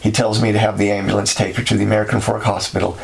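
A man narrating a story in a steady, somber way. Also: on the low side, very fast, creaky, poor audio.

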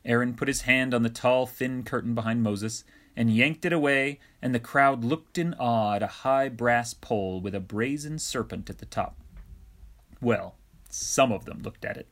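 A man narrating a comic story in a deadpan way. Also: mid-range voice, moderate pace.

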